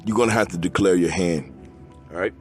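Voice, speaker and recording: Deep-voiced male preacher, forceful and profane, quiet for scripture; faint music bed. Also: brisk. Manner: forceful, profane, rises in pitch when stressing points; reads scripture in a lower, quieter voice. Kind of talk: sermon.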